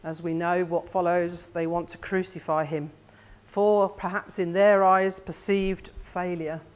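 A preacher delivering a sermon in a measured, reflective way, often putting questions to the listeners. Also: mid-range voice, little pitch movement.

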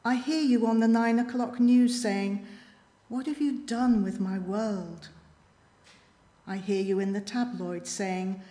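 Slow, soft-spoken woman in echoey hall. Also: medium pitch. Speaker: reader of a poem in church. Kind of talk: slow reflective poetry reading. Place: church.

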